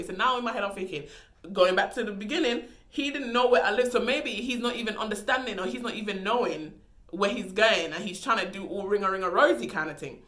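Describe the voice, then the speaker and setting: A young woman tells a story with lots of drama and casual slang. Her voice is bright and sharp, and it echoes around a bare room. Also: medium pitch, quick pace. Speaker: vlogger. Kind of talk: storytime vlog.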